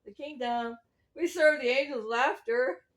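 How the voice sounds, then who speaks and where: A woman's voice: sits high, a little slow. A woman giving a meandering religious testimony, preachy and chuckling between thoughts. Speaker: self-styled prophet.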